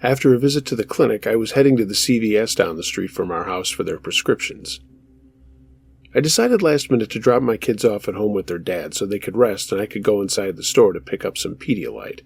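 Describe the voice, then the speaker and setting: A male host reading true scary stories aloud in scripted narration, steady and measured. His low voice has a gravelly, husky texture that gives each line a rough grain. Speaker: horror story narrator.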